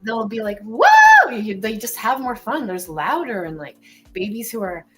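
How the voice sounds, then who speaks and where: A woman in casual chat, talking in an animated way, full of "like" and swearing. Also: mid-range voice, normal speed, soft background music, rough recording. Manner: chatty, animated, sprinkles in "like" and swearing.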